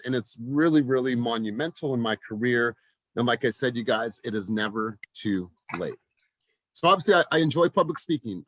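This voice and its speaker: A man in his forties, a real estate team coach, giving an energetic motivational talk to his team, often repeating words and restarting sentences. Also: medium pitch, dry recording. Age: 40s.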